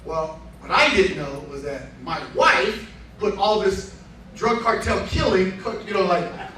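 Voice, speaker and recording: A man with a high, lively voice tells an animated story to a crowd, acting out every quote and laughing as he goes. He stands well back from the microphone in a very echoey hall. A crowd murmurs and laughs behind him, and there is steady background noise. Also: a little slow. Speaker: honoree giving a speech. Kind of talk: storytelling speech at an event. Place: banquet room with crowd. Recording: roomy hall, far from the mic.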